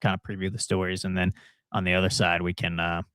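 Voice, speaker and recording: A man's voice: deep voice, flat delivery, fast talker, fairly bright tone, no echo, clean studio sound. A man, producer and co-host of a talk show, easygoing and enthusiastic. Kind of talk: casual talk-show chat.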